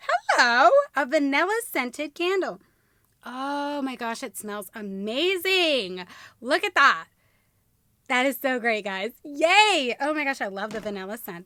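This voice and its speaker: A woman's voice: high voice, pushed and bright, no room sound. A young woman hosting her own channel, unboxing a gift box and gushing over each item with squeals of delight. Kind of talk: bubbly unboxing vlog.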